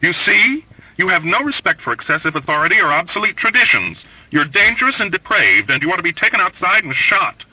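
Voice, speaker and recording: A man putting on a rough, quavering, overwrought airman. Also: high voice, sing-song, brisk, no room sound, voice pushed up, full character voice. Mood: agitated. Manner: loud, agitated, can't keep his voice down. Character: overwrought, pugnacious young male airman. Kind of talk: audiobook reading. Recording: dull lo-fi recording.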